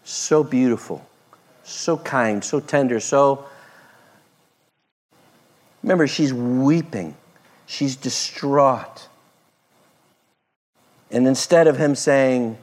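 A man preaching a sermon, expressive, moving between loud emphasis and soft, hushed passages. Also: mid-range voice, takes it slowly, long pauses. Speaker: pastor.

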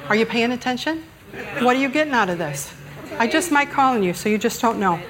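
A middle-aged woman with a voice on the high side preaches a conversational sermon as a guest speaker in a church sanctuary. Animated and a little fast, she jokes and pokes fun at herself with the congregation, and crowd noise can be heard.

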